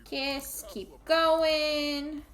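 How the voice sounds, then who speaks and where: Woman gaming commentary, high voice, slow talker, kinda echoey room w music under. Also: level tone, a bit bright. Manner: playful, scolding the game characters, laughing. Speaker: gamer streaming a life sim. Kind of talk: casual let's play commentary.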